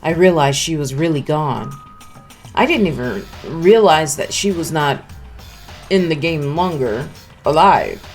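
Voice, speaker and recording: Woman streamer, reading a visual novel aloud, slow and dramatic, lively pitch, faint game music behind. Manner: dramatic, unhurried reading with playful asides.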